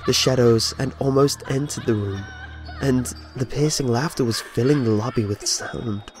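A man narrates a first-person horror story in a tense, dramatic manner. His voice sits at an ordinary mid pitch, and soft music plays faintly underneath. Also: moderate pace.

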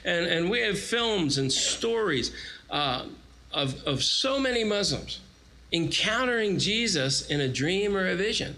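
A man's voice: high voice, a little slow, gravelly, poor audio. A man in his forties preaching a sermon, telling stories animatedly and acting out quotes. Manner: animated storytelling with acted-out quotes. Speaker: guest preacher.

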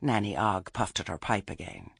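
A man's voice: low voice, moderate pace, creaky, fairly bright tone, slightly rough, no echo, clean studio sound. A man reading a story aloud as narrator, with a wry telling. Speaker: audiobook narrator. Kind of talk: scripted narration.

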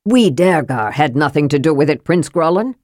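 A woman voicing a nervous male dwarf chief who speaks loudly to shift the blame. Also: low-pitched, expressive, moderate pace, no echo, clean studio sound. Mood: blustering. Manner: nervous, loud.

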